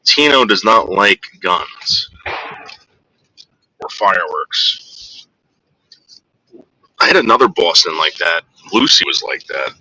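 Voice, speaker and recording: A man's voice: expressive, slow pace, long pauses, pushed and bright, dry recording, rough recording. A man casually narrating a vlog while driving around and talking to his dogs. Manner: soothing his dogs in a higher coaxing voice. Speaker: vlogger.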